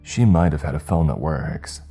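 A man's voice: rumbling low, moderate pace, warm tone, husky, soft background music, full character voice. A man voicing a skeptical young man who scoffs at the danger. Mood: defiant.

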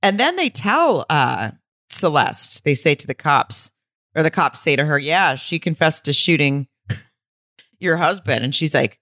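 A woman's voice: sing-song, measured pace, fairly bright tone, no room sound, clean studio sound. A woman co-hosting a casual podcast, recapping a movie and acting out the characters' lines with frequent laughter. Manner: laughs often, acts out quotes with big pitch swings. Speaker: podcast co-host.

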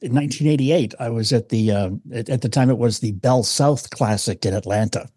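A man's voice: mid-range voice, brisk, mellow, breathy edge, no room sound. A male podcast co-host telling golf stories with dry humor. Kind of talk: casual chat.

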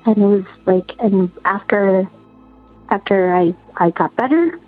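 Woman caller, earnest halting storytelling, husky voice, tinny phone line, faint music behind. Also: medium pitch. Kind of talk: telling a personal story on a phone call.

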